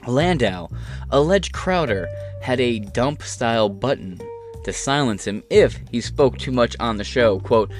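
Male podcast host, mid pitch, sarcastic and foul-mouthed, faint music under. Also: a little slow. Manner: profane, sarcastic. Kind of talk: casual commentary.

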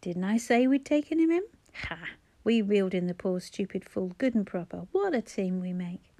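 A woman's voice: medium pitch, expressive, normal speed, mellow, lightly acted. A woman reading an audiobook, voicing a cantankerous scheming old man who bellows and mocks. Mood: blustering. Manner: blustering, mocking. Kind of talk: audiobook character voice.

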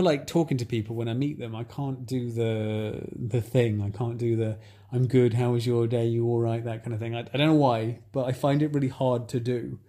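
A man in casual chat, talking in a flat, hesitant, self-reflective way with many pauses and fillers. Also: medium pitch.

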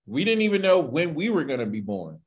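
Animated man teaching Bible study. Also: a little high, a little fast. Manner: animated, chatty, jumps between asides and acted quotes.

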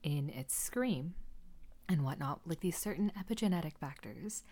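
A woman's voice: sits low, lively intonation, normal speed, a little mellow. A woman hosting a casual solo podcast, rambling with enthusiasm and often dropping to a near-whisper. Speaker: podcast host.

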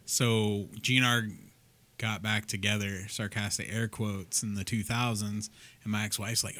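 A man's voice: lowish voice, level tone, unhurried, bright, forceful tone. A man co-hosting a podcast, telling stories in a blunt, sarcastic way with some swearing. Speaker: podcast co-host. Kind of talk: casual storytelling chat.

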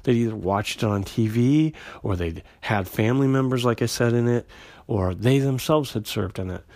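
A man's voice: mid-range voice, normal speed, a little mellow, dry recording. A man recapping an old comic book issue in a casual, rambling way, with many fillers and restarts. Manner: conversational, lots of fillers and restarts, paraphrases characters loosely. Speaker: comic book podcast host.

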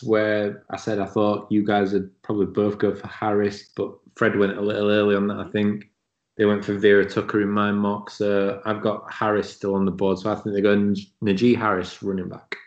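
A man with a low voice chats as a podcast co-host. He talks in an easy, self-mocking way. The recording is dull and lo-fi. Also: monotone, unhurried, a little mellow. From Yorkshire, England. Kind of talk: casual sports chat.

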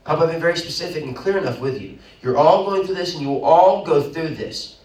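Man preaching animatedly in a roomy church. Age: young adult. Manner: animated preaching with sudden loud high bursts and quick asides. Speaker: pastor. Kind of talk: sermon. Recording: roomy echo, mic at a distance.

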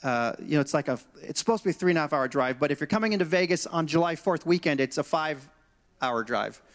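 A man preaches as senior pastor, telling a personal story with animated, acted-out dialogue. His voice sits a little higher than most men's. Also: fast talker. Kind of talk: storytelling sermon. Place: church stage.

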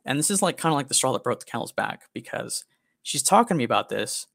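A man's voice: medium pitch, very animated, fast talker, creaky, a bit bright, no room sound, studio quality. A young man co-hosting a podcast, telling a story in a blunt, profane, rambling way. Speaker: podcast co-host. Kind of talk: casual storytelling chat.

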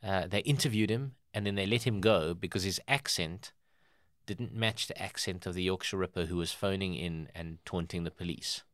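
A man's voice: deep voice, normal speed, a bit bright, no room sound, clean studio sound. Laid-back South African male host. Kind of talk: comedy trivia banter.

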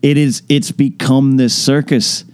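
A man co-hosting a podcast in a relaxed, casual chat. His voice sits at a mid pitch for a man. He comes across as easygoing and agreeable. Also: a little slow, clear, resonant tone. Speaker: podcast co-host.

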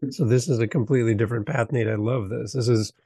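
This man hosts a podcast and reacts with eager enthusiasm, his words tumbling out fast. His voice is husky. It is recorded close and dry, with no room sound. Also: medium pitch, no echo. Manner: enthusiastic, quick, repeats words when excited. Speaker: podcast host. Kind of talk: casual interview chat.

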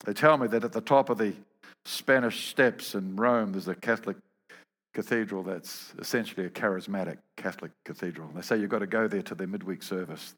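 A man's voice: lowish voice, brisk, fairly bright tone, in a large hall. A man preaching a sermon, telling humorous stories and often repeating words as he goes.

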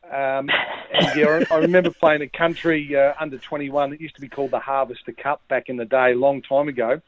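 A man's voice: medium pitch, little pitch movement, a little fast, no echo. A middle-aged Australian man telling rambling, self-mocking stories in a casual chat. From Victoria, Australia. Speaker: podcast co-host. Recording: tinny phone-like line.

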